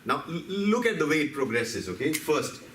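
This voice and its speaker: A man's voice: on the high side, sing-song, moderate pace, fairly bright tone, slight background noise. A man from India, giving a playful, story-driven health lecture and asking the audience questions. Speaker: health speaker. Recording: roomy hall, distant mic, faint background.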